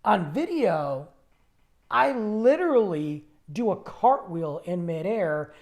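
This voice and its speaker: A man with a gravelly, creaky voice tells a long personal story on a podcast. His pitch swings up and down a lot as he goes, and he rambles and restarts his sentences, animated and loose. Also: slow pace. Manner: rambling, animated, self-interrupting. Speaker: podcast host. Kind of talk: casual storytelling monologue.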